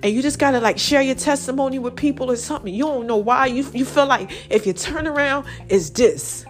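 A woman's voice: high-pitched, brisk, soft background music. A woman hosting her own podcast, chatting casually and calling her listeners y'all and baby. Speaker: podcast host. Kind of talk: casual solo podcast talk.

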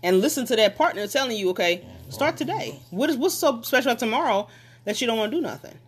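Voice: mid-range voice, animated, rapid-fire, breathy edge. A speaker giving a motivational talk, emphatic and repetitive, pressing listeners directly with questions and urging them to act.

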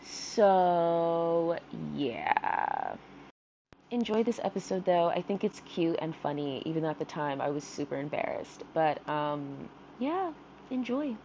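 A woman's voice: lowish voice, animated, slow pace, dark tone, highs cut off, a little hiss or hum. A young woman hosting her own podcast, talking through her feelings in a rambling, self-conscious way full of fillers and restarts. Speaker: podcast host. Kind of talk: casual confessional monologue.

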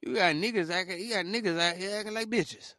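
A young man riffs through a casual motivational monologue, joking and laughing as he mocks the haters. His voice sits a little high and sounds bright and forward. The recording is dry and close. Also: fast, no echo. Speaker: podcast host.

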